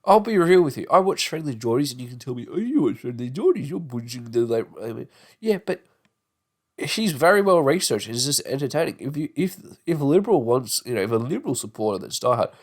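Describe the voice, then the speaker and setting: Medium-pitched and sing-song with a breathy edge, a young Australian man in his twenties talks a little fast through a casual solo podcast. With a sore tongue and jaw, he still rambles, swears freely, and does mocking put-on voices.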